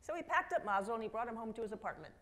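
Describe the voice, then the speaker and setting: A middle-aged keynote speaker in a conference hall tells stories in a lively manner, slipping into quoted voices and asides to the audience. Her voice is on the high side and very fast, with a little hiss or hum in the recording.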